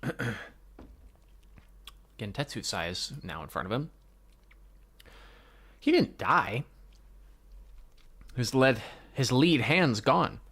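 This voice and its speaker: A man gives live reaction commentary while reading a comic, speaking casually, cursing frequently and sighing between ideas. His voice is medium-pitched, slightly bright and a little rough, with big pitch swings, a slow pace and long pauses.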